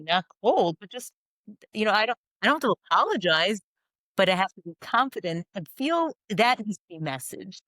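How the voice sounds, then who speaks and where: A middle-aged woman guest telling stories in an interview, animated and quick to laugh, with many you-knows. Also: medium pitch, dry recording, low-quality recording. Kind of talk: conversational storytelling interview.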